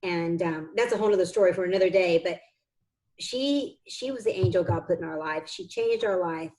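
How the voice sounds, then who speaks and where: A woman's voice: lowish voice, fairly quick, darkish tone, rough recording. Heartfelt woman telling an adoption story. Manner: heartfelt and earnest, close to tears. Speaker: interview guest, adoptive mother and foundation founder. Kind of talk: conversational interview storytelling.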